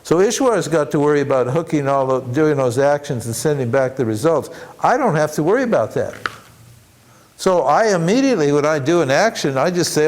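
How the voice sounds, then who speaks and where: A man giving an informal workshop talk as a spiritual teacher, animated and acting out the voices he quotes. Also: fairly high pitch, brisk. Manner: animated, acts out quoted voices, chuckles between points.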